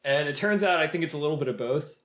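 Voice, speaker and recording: A man's voice: a little high, expressive, quick pace. A man co-hosting a film podcast, talking in a thoughtful, hesitant way with many fillers. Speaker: podcast co-host. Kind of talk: casual film discussion.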